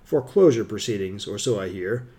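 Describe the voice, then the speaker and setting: A man voicing a calm, smirking male villain who threatens quietly in a level tone, in an audiobook. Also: lowish voice, fairly quick, close to an everyday voice. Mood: menacing calm.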